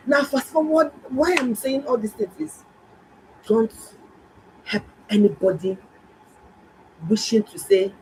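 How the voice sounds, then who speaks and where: A woman doctor, telling viewers a story in a casual, animated and emphatic way. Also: medium pitch, measured pace, pauses often, slight background noise, rough recording. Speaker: doctor and health vlogger.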